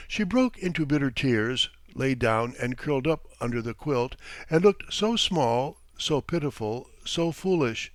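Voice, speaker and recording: A man narrating a classic short story as an audiobook in a measured, even storytelling manner on a close mic. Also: mid-range voice, dry recording. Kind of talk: scripted narration.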